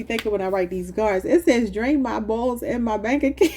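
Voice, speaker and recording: A woman reads tarot cards in a loose, chatty way, talking straight to her viewers and breaking into laughter at her own words. Her voice is mellow and a little husky. She keeps the tone easy and conversational throughout. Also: a little high, moderate pace, few pauses. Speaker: tarot reader. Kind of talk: casual tarot reading to camera.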